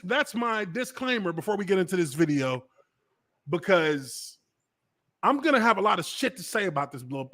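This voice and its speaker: High-voiced, excitable former-lineman host. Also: slightly rough. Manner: profane, acts out quoted voices, laughs often. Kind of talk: animated storytelling, casual chat.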